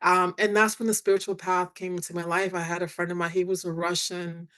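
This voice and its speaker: A middle-aged woman, a guest on a podcast, candidly telling her story in a chatty, animated way, with many fillers and lots of quoted dialogue. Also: lowish voice, a little fast. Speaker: guest, attorney and author.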